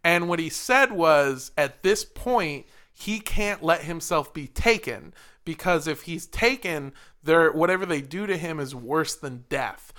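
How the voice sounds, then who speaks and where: Bright-voiced man in casual chat. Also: fairly high pitch, lively intonation, unhurried. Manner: rambling, profane, jokey.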